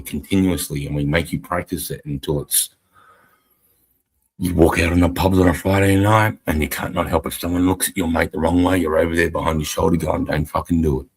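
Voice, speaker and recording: Gravelly deep Australian army veteran. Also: male voice. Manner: blunt, profane, rambling storytelling. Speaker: army veteran podcast co-host. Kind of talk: casual live-stream chat.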